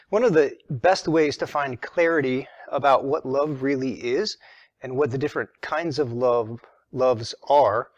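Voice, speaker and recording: A man's voice: mid-range voice, no echo. Patient man teaching a lesson, dry sound. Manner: patient, methodical, stressing key words. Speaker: religion teacher. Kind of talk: explanatory lesson.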